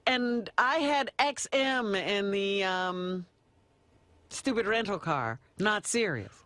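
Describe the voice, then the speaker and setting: A woman's voice: medium pitch, animated, slow, a bit bright, no echo. A woman co-hosting a radio talk show, wry, asking probing questions and laughing easily. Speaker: radio co-host.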